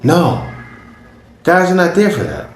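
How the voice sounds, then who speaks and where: A man hosting a reaction video, commenting in a casual, animated way and asking rhetorical questions. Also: fairly high pitch, a little slow, reverberant, a little hiss or hum.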